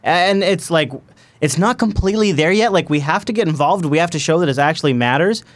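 A man hosting a tech podcast, talking with excited emphasis and quick asides. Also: fairly high pitch, no echo. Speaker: podcast host. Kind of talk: enthusiastic tech podcast chat.

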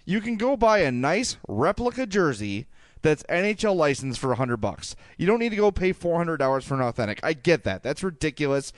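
A man co-hosting a sports podcast, chatting casually and ranting with animated jokey asides. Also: fairly high pitch, fairly quick, no echo. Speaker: podcast co-host.

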